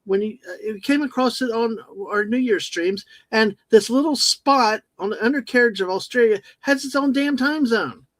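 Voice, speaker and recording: A man's voice: extremely high pitch, normal speed, few pauses, no echo. A man co-hosting a casual livestream, rambling and joking as he reads the chat aloud. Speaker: livestream co-host.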